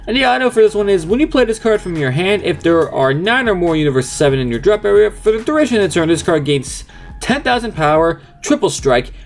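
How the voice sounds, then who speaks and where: A man's voice: high-pitched, expressive, brisk. A young man hosting a card game channel, chatting casually and explaining a deck step by step in an upbeat, talkative way. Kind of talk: casual deck profile walkthrough.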